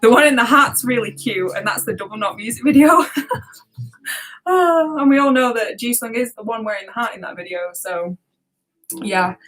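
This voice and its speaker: Chatty British woman, higher voice. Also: lively intonation, normal speed, a bit bright, soft background music, poor audio. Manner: chatty, laughs often, self-deprecating. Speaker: reaction channel host. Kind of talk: casual chat with viewers.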